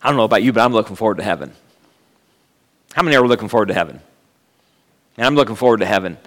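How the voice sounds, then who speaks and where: A man's voice: on the low side, animated, very fast, a bit bright. A man in his fifties preaching a sermon as a guest speaker, telling funny stories and bantering with the congregation. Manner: humorous, storytelling, jokes with the congregation. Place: church sanctuary. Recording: long church reverb.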